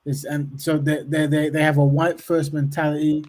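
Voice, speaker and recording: A male podcast host with a somewhat high voice talks in a loose, conversational way. He restarts his phrases, repeating words as he goes, and backs up his co-host with quick agreement. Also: level tone, darkish tone. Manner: repeats words when starting, affirms with "of course". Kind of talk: casual discussion.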